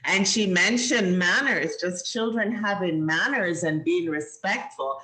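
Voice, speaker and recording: A woman's voice: lowish voice, a little slow, bright, forceful tone. A woman with a Jamaican accent hosting a children's show over a video call, encouraging and teacherly, laughing often. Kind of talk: lively chat with kids on a video call.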